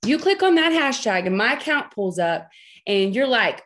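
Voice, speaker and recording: Woman, 30s, higher-pitched voice, chatty, jokey, emphatic, team trainer, video call. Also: very animated, normal speed. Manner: chatty, joking and emphatic, with many "okay?" check-ins. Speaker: team leader training her sales team.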